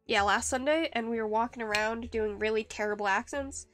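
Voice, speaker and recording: A woman with a high voice chats on a live stream while she carves. She rambles and stops herself with fillers. The sound is close and dry, with faint music behind her. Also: a little fast, fairly bright tone, dry recording. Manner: rambling, self-deprecating, hesitant with many fillers. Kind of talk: casual live-stream chat while woodcarving.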